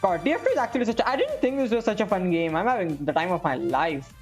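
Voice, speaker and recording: A man's voice: high voice, big pitch swings, fast talker, soft background music. A young man in his twenties telling a rambling, profane, self-mocking story over gameplay. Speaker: gaming streamer.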